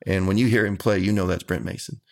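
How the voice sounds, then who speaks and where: A man, a country musician, answering interview questions in an earnest, folksy, measured way. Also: low-pitched, steady tone, creaky, a little mellow.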